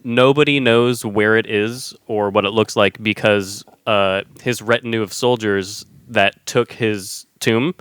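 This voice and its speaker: A man's voice: lowish voice, steady tone, a little slow, hardly any pauses, fairly bright tone, clean tone, no echo. A man co-hosting a casual movie podcast, joking and slipping into silly impressions. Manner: jokey, breaks into silly impressions. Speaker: podcast co-host.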